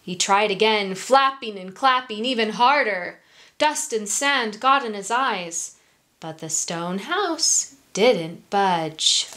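A woman reading a picture book aloud to children, gentle, with hushed asides. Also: medium pitch, lively intonation, slow pace. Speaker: storyteller for children.

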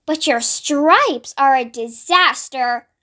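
A woman's voice: high voice, takes it slowly, bright, forceful tone, full character voice. A young woman reading a clever elephant who teases in a dry, sensible way for a storybook. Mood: teasing.

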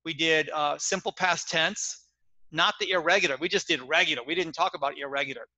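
A man giving a webinar lecture on teaching, explaining with lively worked examples over a video call. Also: on the high side, fairly quick, no room sound, muffled recording. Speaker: teacher trainer.

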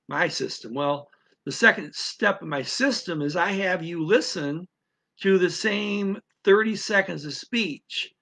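A man's voice: high voice, bright, forceful tone. A man giving a casual spoken lesson on learning a language, rambling with many restarts.

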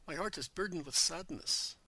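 A man's voice: on the high side, normal speed, bright, forceful tone, breathy edge, no room sound, heavily acted. A man reading a weary, grieving older woman. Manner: weary, sighing delivery. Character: sad older woman longing for death.

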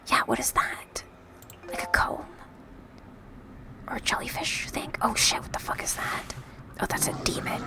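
A woman's voice: high voice, huge pitch swings, normal speed, pauses often, rough recording. A young woman streamer in whispered role-play, chatting casually and swearing often into a close microphone.

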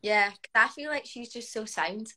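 A woman in her twenties with a Scottish accent, a footballer chatting casually on a livestream, animated and full of "like". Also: fairly high pitch, moderate pace, poor audio. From Scotland. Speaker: guest footballer.

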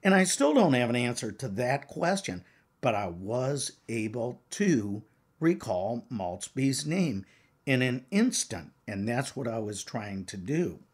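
Husky, lively-voiced older male lecturer. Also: medium pitch, a little slow. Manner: earnest, emphatic teaching tone. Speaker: counseling exam prep author and professor. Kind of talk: lecture to exam takers.

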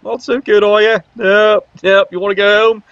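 Guy doing cheeky game commentary, kinda high voice, slightly dull lo-fi mic. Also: little pitch movement, moderate pace, fairly bright tone, a little hiss or hum. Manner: cheeky, sarcastic banter. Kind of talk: casual play-by-play commentary.

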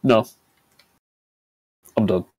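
A man's voice: drawn-out words, darkish tone, dry recording. A man playing a tabletop game, thinking aloud about his moves and asking to sort out who is where. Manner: thinks aloud, asks questions to sort out positions. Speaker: player.

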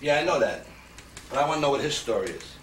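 An actor playing an angry, blunt tough father in a film clip, harsh and forceful. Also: mid-range voice, sing-song, quick pace, slight background noise, close to an everyday voice. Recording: roomy film soundtrack.

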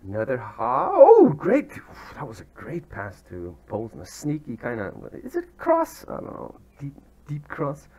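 A chatty young man commentates his football management game, his pitch swinging widely as he reacts. He talks casually and pokes fun at himself, breaking into sudden excited yelps. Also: unhurried. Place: outdoors near turkeys.

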